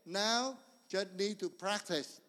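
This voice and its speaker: A man preaching a sermon in earnest, repetitive, non-standard English, swinging between loud emphasis and quiet storytelling. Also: sits high, takes it slowly. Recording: long reverb of a large hall.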